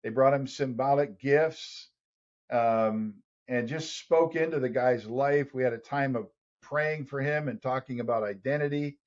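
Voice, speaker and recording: A man's voice: medium pitch, a little slow. Man telling a story as a podcast guest. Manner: animated storyteller who acts out other people's voices. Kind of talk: storytelling in an interview. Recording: dull lo-fi sound.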